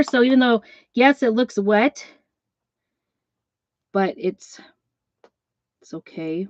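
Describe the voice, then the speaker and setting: A woman's voice: medium pitch, takes it slowly, long pauses, no echo, dull audio. A middle-aged woman hosting a live craft demonstration, chatting and rambling through stories while she works with her hands. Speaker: craft seller and host.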